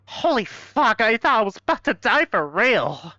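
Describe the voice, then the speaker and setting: A young man playing through a fan game live, voicing characters in an excitable, swearing, mock-outraged way, on a dull, dry recording. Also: sits high, normal speed, no room sound. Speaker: let's play gamer voicing a fan game. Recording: dull, dry close-mic sound.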